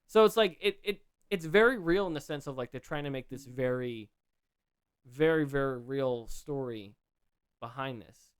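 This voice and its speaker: Smooth-voiced man rambling casually. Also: mid-range voice, normal speed, no echo. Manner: rambling, many restarts and fillers. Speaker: podcast co-host. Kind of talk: casual chat.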